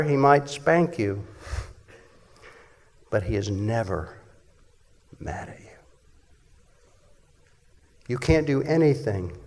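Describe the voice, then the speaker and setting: A man preaching a sermon emphatically, swinging between loud passages and hushed ones. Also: medium pitch. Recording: echoey hall.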